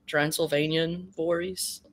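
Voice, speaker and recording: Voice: medium pitch, little pitch movement, slow pace. A speaker teasing others with sarcasm in a casual stream chat.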